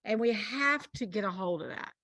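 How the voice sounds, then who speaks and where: A woman's voice: medium pitch, lively intonation, moderate pace, sharp tone, dry recording. A woman speaking as a guest minister in a casual faith conversation, telling a story earnestly and with emphasis.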